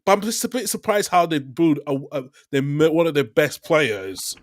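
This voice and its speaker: A man's voice: fairly high pitch, very animated, moderate pace, dry recording. A man talks through football results on a podcast in a dry, close sound. He rambles, circling back with fillers and restarts as he goes. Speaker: podcast co-host. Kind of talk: casual football chat.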